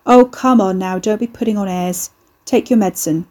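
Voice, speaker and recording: A woman's voice: medium pitch, moderate pace, mellow, lightly acted. A woman voicing a sardonic young man who works curses, mocking, offhand and crude.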